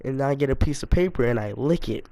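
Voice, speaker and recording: A young man telling a casual story to his viewers, animated and self-mocking, full of slang. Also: medium pitch, quick pace, vocal fry. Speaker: storytime YouTuber.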